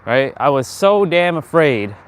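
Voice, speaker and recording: A man's voice: on the high side, big pitch swings, a little slow. A man hosting a casual motivational livestream outdoors, talking earnestly in a rambling way with many fillers and restarts. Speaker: live-stream host.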